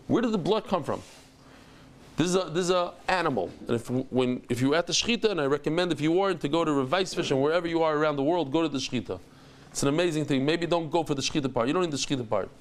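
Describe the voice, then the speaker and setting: A man's voice: fairly high pitch, animated, fast. A man over fifty teaching a Talmud lesson, telling stories and acting out the dialogue with exclamations.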